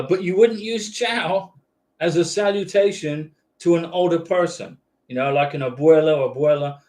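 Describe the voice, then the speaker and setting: Broadcasting from a home YouTube studio with lights, a man fields viewers' visa questions in a casual, reassuring live stream, regularly adding "okay?". His voice is a little high with a darkish tone.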